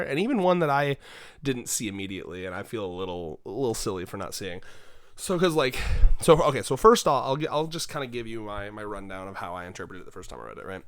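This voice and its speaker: A tired young man talks in a loose, rambling way, often restarting his sentences and swearing as he goes. His voice sits a little low, smooth and clear. The sound is dry and close, with no room behind it. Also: fairly bright tone, dry recording. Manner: rambling, self-mocking, frequent restarts and swearing. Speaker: podcast co-host. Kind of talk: casual chat.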